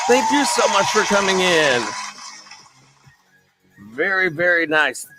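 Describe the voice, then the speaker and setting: A man's voice: high-pitched, animated, measured pace, pauses often, pushed and bright, faint music behind. A man hosting a casual live stream, upbeat, greeting viewers by name and chuckling often. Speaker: livestream host.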